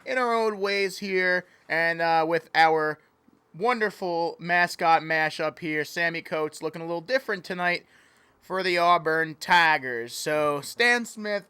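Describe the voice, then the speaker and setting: A man's voice: a little high, measured pace, bright, forceful tone, clean tone, no echo. A man calling play-by-play in a joking mock sports broadcast, playful and easily sidetracked. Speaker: play-by-play commentator.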